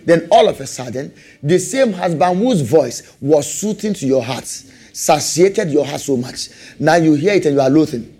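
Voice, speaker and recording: A man preaching a sermon, animated, repeating rhetorical questions and laughing often. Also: a little high, normal speed, husky.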